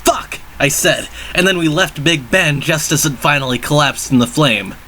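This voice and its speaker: A man's voice: on the high side, moderate pace, sharp tone, a little hiss or hum. A man narrating a first-person fanfiction story in an earnest, dramatic reading style.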